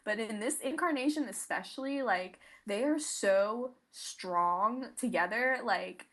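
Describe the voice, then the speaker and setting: A young woman co-hosting a fan podcast, gushing excitedly in casual chat, filling her talk with "like". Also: a little high, a little slow. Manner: gushing, excitable, many "like" fillers. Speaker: podcast co-host.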